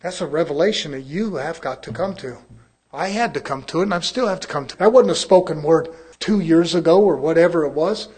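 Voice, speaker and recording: A man preaching a sermon to his congregation, repeating phrases and swinging between soft asides and loud, pleading peaks. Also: fairly high pitch, a little fast. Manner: rhythmic, call-and-response pleading.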